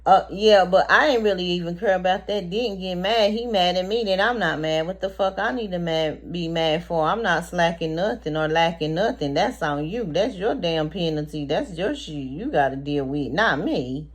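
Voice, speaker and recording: A woman's voice: on the low side, moderate pace, few pauses. A woman vlogger telling a story straight to her viewers in casual, profane talk. She laughs often and acts out quoted lines with rising, emphatic repeats.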